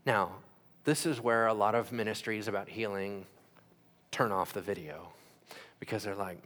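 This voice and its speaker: A man preaching a sermon as pastor, asking the crowd questions and acting out quick voices. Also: on the low side, a bit bright.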